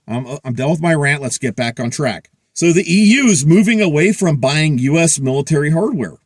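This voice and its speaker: A man's voice: on the high side, lively intonation, fairly quick, few pauses, breathy edge, no echo, clean studio sound. Blunt, profane middle-aged man ranting. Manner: profane, blunt, heated and conversational. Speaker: prepper channel host. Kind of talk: casual opinion rant to camera.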